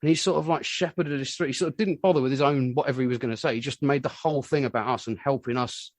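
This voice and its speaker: A man, a musician, telling rambling anecdotes in a casual interview and getting animated when he acts out what others said. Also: medium pitch, quick pace, no echo. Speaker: musician guest.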